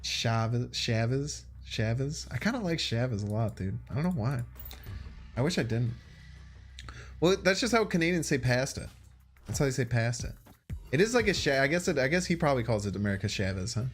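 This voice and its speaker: Chatty Chicago-accented streamer, lively pitch. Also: male voice, quick pace, husky, soft background music. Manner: chatty, thinks aloud and talks to chat. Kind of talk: casual gaming stream commentary.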